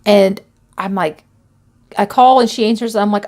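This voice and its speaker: A woman telling a personal ghost story to camera, anxious and halting, with many restarts and fillers. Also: mid-range voice, fairly even intonation, darkish tone.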